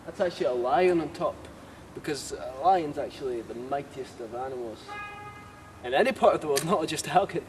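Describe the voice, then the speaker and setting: A man hosting a spoof town tour, talking outdoors in a rambling, deadpan way with swearing asides. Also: on the high side, normal speed. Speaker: spoof town guide host. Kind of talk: mock-serious walking tour monologue. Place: outdoors in town streets, windy. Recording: windy outdoor sound, far from mic.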